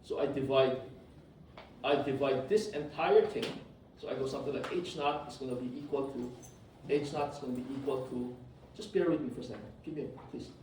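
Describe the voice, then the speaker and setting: A man giving a live classroom lecture while coding, animated and teasing, often checking whether students follow. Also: medium pitch, slight background noise. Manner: animated, teasing, asks "did you see?" often. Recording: echoey lecture hall, distant mic.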